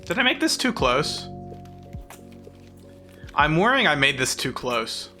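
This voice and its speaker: A man's voice: fairly high pitch, sing-song, a little slow, bright, forceful tone, soft background music. A man from the southern United States with a mild southern accent, chatting casually and rambling while streaming a game and reading chat aloud.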